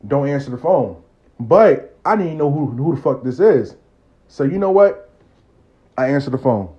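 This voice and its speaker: A man's voice: fairly high pitch, lively intonation, moderate pace, breathy edge. Brief: casual male storyteller, swears freely, acts out dialogue, lo-fi sound. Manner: profane, conversational, acts out dialogue.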